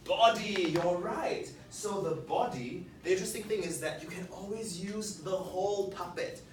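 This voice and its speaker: A workshop leader coaching a group through puppetry basics, lively and coaxing, tossing questions out to the room. The voice sits in a middle register. It is caught from across a large, echoey room. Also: mid-range voice, normal speed, noisy background. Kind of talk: teaching a workshop. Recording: echoey room, picked up from a distance.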